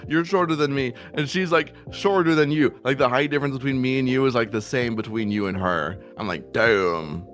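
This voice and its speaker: A man streamer chatting casually about a trip, animated and teasing as he asks questions. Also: medium pitch, a little fast, hardly any pauses. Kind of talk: casual chat. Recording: faint music behind.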